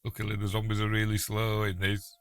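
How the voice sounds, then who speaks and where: A man with a Yorkshire accent talks through a film in a casual, chatty commentary, laughing easily and stumbling over his words. His voice sits very low, and the sound is dry with no room around it. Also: completely flat delivery, fairly quick, clear, resonant tone, no room sound.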